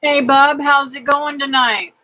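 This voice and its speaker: A middle-aged woman hosting a casual livestream, praying aloud and chatting with viewers in a slow, homely way. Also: high voice, fairly even intonation, sharp tone, low-quality recording. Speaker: homestead livestream host. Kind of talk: casual livestream chat reading comments.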